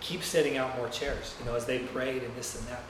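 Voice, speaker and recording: A man's voice: mid-range voice, little pitch movement, fairly quick, slight background noise. A man preaching a sermon in a church, telling a story in a loose, conversational and rambling way. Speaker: pastor. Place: church sanctuary. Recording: very echoey room heard from a distance.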